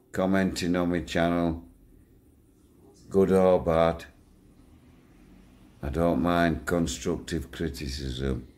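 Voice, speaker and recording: An older man with a low, darkish voice rambles casually to his channel's viewers. He's blunt, swears freely and chuckles through his stories.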